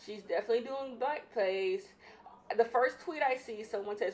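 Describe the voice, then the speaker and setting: A woman's voice: mid-range voice, moderate pace, darkish tone. A young woman hosting a casual solo podcast, opinionated and emphatic, repeating her points, a bit out of breath. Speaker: podcast host.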